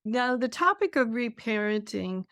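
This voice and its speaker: A woman's voice: fairly high pitch, sing-song, unhurried, a bit bright, no echo, clean studio sound. A middle-aged woman hosting a podcast, asking chatty, reflective questions. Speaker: podcast host. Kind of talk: podcast interview.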